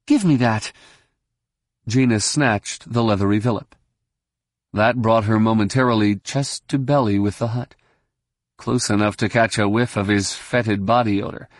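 A man reading a novel aloud in steady scripted narration. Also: fairly low pitch, normal speed, no echo, clean studio sound. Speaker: audiobook narrator.

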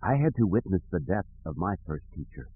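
A man reading an audiobook, voicing a calm, stern male Jedi master who speaks in a measured, quiet way. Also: deep voice, breathy edge, exaggerated voice. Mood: solemn. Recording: tinny phone-like audio.

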